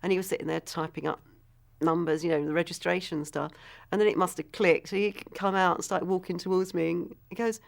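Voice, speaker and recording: A woman's voice: on the low side, steady tone, fairly quick, vocal fry. A woman in an interview telling a funny story in a chatty way, often laughing. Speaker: actress interviewee. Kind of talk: anecdotal interview.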